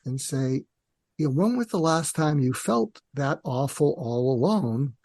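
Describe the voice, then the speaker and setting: An older man, a psychiatrist guest, explaining calmly and in a measured way in an interview, sometimes acting out dialogue. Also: fairly high pitch, dry recording, clean studio sound. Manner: calm, measured, acts out parent and teen dialogue.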